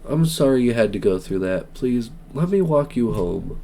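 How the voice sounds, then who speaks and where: A man voicing a gentle older male chef who speaks softly and earnestly. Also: sing-song, moderate pace, slight background noise. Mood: kind. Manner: soft, low and earnest.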